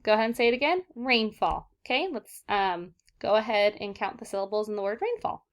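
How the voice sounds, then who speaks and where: A woman's voice: mid-range voice, a little fast, heavy background noise. Young woman teacher, patient and encouraging, leads children through vocabulary words in a video lesson. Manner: encouraging, repeats and checks in with "okay, guys?". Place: southern California.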